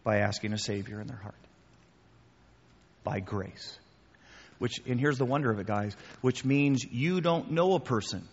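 A male pastor gives a sermon with audience questions, speaking at mid pitch in a chatty, conversational way, repeating key phrases and calling listeners "guys." The recording is dull and muffled, with long reverb from the hall.

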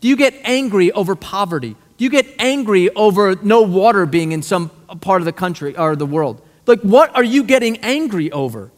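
A male pastor preaching a sermon, animated and conversational, full of rhetorical questions. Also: high voice, normal speed, few pauses. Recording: long hall reverb.

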